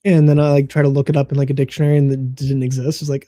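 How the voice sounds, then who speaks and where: An American man in his thirties, co-hosting a casual podcast and telling stories in a relaxed, rambling way with fillers and laughs. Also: medium pitch, rapid-fire, no room sound, studio quality. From United States. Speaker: co-host.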